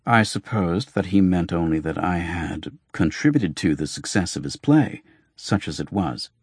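A man giving a measured, formal scripted narration of an audiobook. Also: deep voice, animated, darkish tone, breathy edge, dry recording, studio quality.

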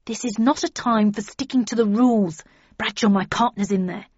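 A woman reader voices a gruff male detective who will not back down and speaks in short, stubborn lines. The recording is dry and a little dull. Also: a little high, moderate pace, darkish tone, dry recording. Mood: insistent. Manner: curt, stubborn. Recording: dry, slightly dull audio.

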